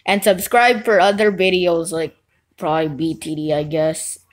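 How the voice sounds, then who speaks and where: A woman hosting a gaming channel, giving live gameplay commentary with excitable outbursts and rambling, unsure asides. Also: fairly low pitch, normal speed. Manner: excitable, frequent outbursts and shouting.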